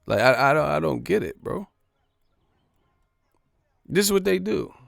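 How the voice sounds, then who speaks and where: Gravelly, mocking man ranting live. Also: on the high side, sing-song, a little slow, no room sound, clean studio sound. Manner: profane, mocking, repetitive. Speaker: host of a boxing live stream. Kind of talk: live-stream rant.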